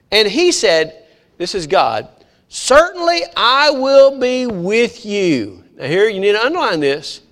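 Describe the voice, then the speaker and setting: A man preaching with a high, sing-song voice. He retells the story with animated, acted-out voices for each character. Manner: animated storytelling, acting out voices of biblical figures. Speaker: pastor. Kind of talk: sermon.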